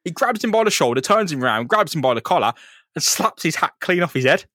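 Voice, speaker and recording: Guy on a podcast, swears a lot, lots of laughing and bits, slightly high lively voice. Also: fairly quick, no room sound, clean studio sound. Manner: sweary, laughing, acts out characters. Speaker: podcast co-host. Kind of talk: casual comic chat.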